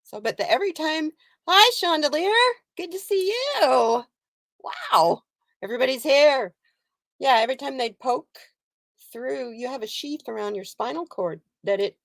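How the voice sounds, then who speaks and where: Her voice is gravelly and on the high side, with no echo around it. She's a card reader in her sixties hosting a casual stream, frequently laughing as she breaks from her story to say hello to viewers.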